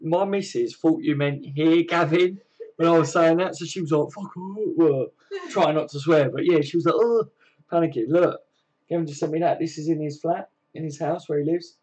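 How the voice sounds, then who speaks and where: A man chats casually on his home livestream, reading comments aloud and greeting viewers. His voice sits a little higher than most men's, friendly and loose. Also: fairly even intonation, moderate pace, a little mellow. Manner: chatty, friendly, lots of fillers and "mate". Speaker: livestream host.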